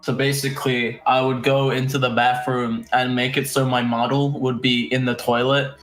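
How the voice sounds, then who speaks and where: A man's voice: mid-range voice, flat delivery, normal speed, fairly bright tone. A man co-hosting a podcast, telling drawling anecdotes in casual chat. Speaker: podcast co-host. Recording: roomy, echoey mic.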